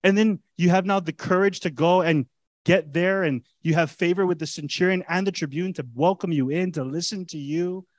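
A male pastor preaching an animated, conversational sermon full of rhetorical questions to his congregation. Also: sits high, normal speed, no echo.

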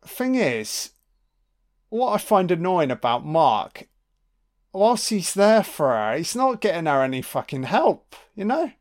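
A man giving a casual watch-along film commentary, full of excitable, profane reactions. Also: sits high, a little slow.

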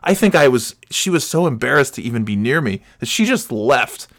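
A man's voice: medium pitch, big pitch swings, brisk, a bit bright. A man telling a casual personal story, rambling with many restarts and swearing freely with self-mocking humor.

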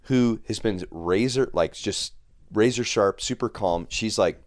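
A man with a low, deep voice tells a crude story in a studio, swearing freely and slipping into the voices of people he quotes. The sound is dry and close, with no room echo. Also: unhurried. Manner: animated, swearing, acts out quoted lines. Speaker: podcast guest. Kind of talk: casual profane storytelling. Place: podcast studio.

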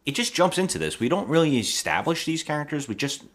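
A man co-hosting a movie podcast, recounting scenes in animated casual chat. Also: fairly high pitch, fast. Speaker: podcast co-host.

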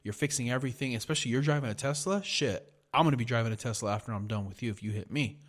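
A man's voice: mid-range voice, rapid-fire. A man hosting a podcast, telling a heated, profanity-filled story in a casual rant. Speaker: podcast host.

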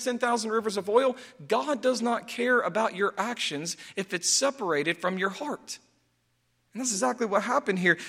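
A man preaching a sermon as pastor, lively and animated, acting out quoted pleas in a raised voice. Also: extremely high pitch, in a large hall.

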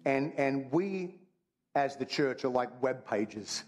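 A man's voice: mid-range voice, lively intonation, takes it slowly. A man preaching a sermon, talking in a conversational, humorous way and repeating his phrases for emphasis. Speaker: pastor.

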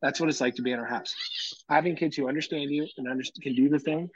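A man's voice: on the high side, fast, breathy edge, no echo, highs cut off. A man in his thirties, a podcast co-host, chatting casually and acting out the quotes in his stories. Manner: animated storyteller, acts out quotes. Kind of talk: casual chat.

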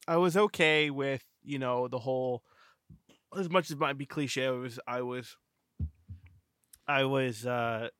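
A man's voice: mid-range voice, steady tone, takes it slowly, long pauses, a bit bright, clean tone, no echo, studio quality. A man hosting a podcast, meandering through a casual film discussion with lots of hedging and fillers. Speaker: podcast host.

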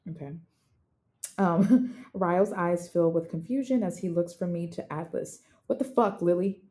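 A woman's voice: on the low side, moderate pace, mellow. A young woman co-hosting a casual book podcast, chatty and acting out scenes from the story. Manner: chatty, acts out scenes and reads passages aloud. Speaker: podcast co-host.

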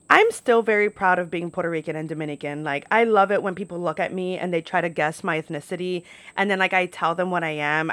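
In a dry recording, a young woman from New York with a lowish, fairly bright voice delivers a casual podcast monologue of stories. Her talk is chatty, packed with "like," and sprinkled with profanity.

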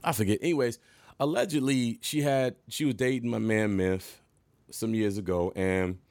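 A man in his thirties casually telling an animated story to camera, laughing and jumping high when he quotes himself. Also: normal speed, dry recording. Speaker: vlogger.

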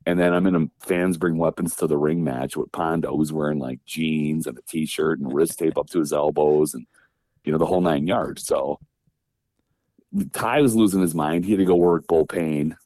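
A man from Wisconsin, a former wrestler, telling stories in a casual interview, lively and acting out the voices of people he quotes. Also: a bass voice, moderate pace, no room sound. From Wisconsin, USA. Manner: animated storyteller, acts out quoted voices, laughs often. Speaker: guest, former pro wrestler.

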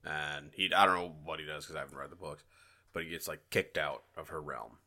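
A man's voice: very deep voice, fairly even intonation, fairly quick, sharp tone. A man co-hosting a podcast, talking in a rambling, casual way and swearing freely. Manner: rambling, profane, mimics his friend. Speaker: podcast co-host. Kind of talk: casual chat.

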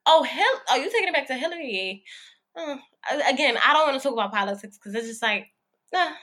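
Female podcast co-host: sassy, teasing, quick comebacks, slightly high voice. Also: animated, bright, forceful tone. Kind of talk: casual podcast banter.

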